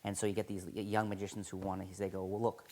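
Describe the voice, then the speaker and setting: A man's voice: deep voice, completely flat delivery, fast, warm tone. A man teaching card sleights in a casual video tutorial, enthusiastic and conversational, often correcting himself mid-sentence.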